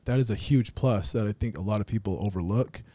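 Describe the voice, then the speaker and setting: A man's voice: lowish voice, quick pace, dark tone, no echo. A man in his thirties chatting casually on a podcast, laid-back and filling his talk with "dude" and "you know what I mean.".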